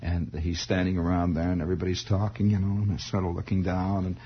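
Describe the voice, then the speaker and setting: A man telling a personal story in a halting, rambling way, full of restarts and asides. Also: deep voice, flat delivery, breathy edge. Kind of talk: spoken storytelling monologue. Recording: dull lo-fi old recording.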